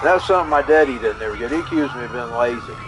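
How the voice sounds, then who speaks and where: A man's voice: mid-range voice, very fast, noisy background. Rambling folksy man chatting on stream. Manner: rambling, folksy, repeats himself. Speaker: live streamer. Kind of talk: casual personal storytelling.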